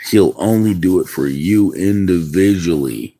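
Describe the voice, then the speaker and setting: Slow, deep-voiced man rambling. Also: dark tone. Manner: rambling, musing aloud. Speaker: livestreamer. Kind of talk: casual livestream chat. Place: outdoors in the wind.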